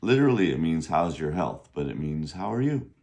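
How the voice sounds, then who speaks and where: A man's voice: a bass voice, big pitch swings, brisk, darkish tone. A middle-aged man teaching a casual video lesson on Chinese, chatty and rambling, often checking in with "right?".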